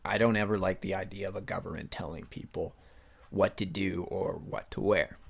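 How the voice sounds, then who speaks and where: A young man with a slightly low voice hosts his own podcast, reading news aloud in a plain way. He keeps cutting in with blunt, sarcastic asides and swears without a second thought. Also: fairly even intonation, moderate pace, gravelly, husky. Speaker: podcast host. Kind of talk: solo opinion podcast, reading news and ranting.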